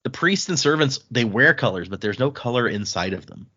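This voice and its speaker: Animated man retelling a story. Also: medium pitch, a little fast, slightly rough, highs cut off. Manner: animated retelling, acting out dialogue in shifting voices. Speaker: podcast host recapping a book. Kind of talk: casual chat.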